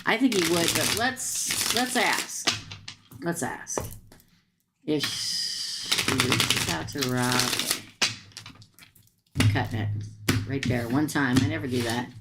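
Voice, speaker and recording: A woman's voice: extremely low pitch, expressive, slow, long pauses, very noisy. A woman reading tarot cards on a live stream, chatting straight to her viewers in a casual, blunt way with slangy asides. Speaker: tarot reader.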